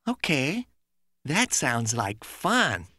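A woman voicing a stubborn, sleepy little boy creature in a children's cartoon, mumbling slowly through a bedtime story. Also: very deep voice, sing-song, sharp tone, dry recording, clean studio sound, exaggerated voice. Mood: eager. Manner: slow, drawn-out, sleepy mumbling.

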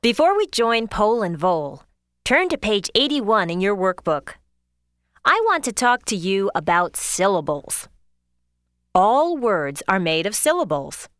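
Slow, clear woman teacher narrator. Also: medium pitch, big pitch swings, a bit bright, no room sound, studio quality. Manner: clear, instructive, stressing example words. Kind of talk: scripted lesson narration.

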